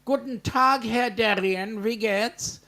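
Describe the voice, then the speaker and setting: A man's voice: sits high, slow, pushed and bright, pitched above the performer's own voice, full character voice. A man with an Australian accent doing a jokey, hammy mock German accent on a livestream. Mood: teasing.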